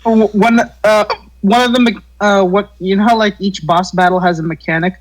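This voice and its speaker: A man co-hosting a casual tabletop gaming podcast, talking haltingly with many fillers and casual swearing. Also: high-pitched, steady tone, rough recording. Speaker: podcast co-host. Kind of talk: casual chat among friends.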